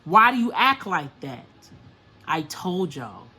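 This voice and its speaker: A woman's voice: lowish voice, very animated, slow, pushed and bright, slightly rough, soft background music. A woman giving a casual spiritual talk to her viewers, in the manner of a spiritual coach. She hammers home her points with repeated rhetorical questions. She uses blunt, profane slang. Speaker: spiritual coach and astrology reader.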